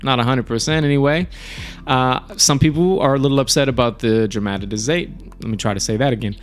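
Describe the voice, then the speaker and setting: A man hosting a live stream and reviewing shows in a relaxed, chatty way, cursing casually and often restarting his sentences. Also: medium pitch, fairly quick, soft background music. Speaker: streamer and show host.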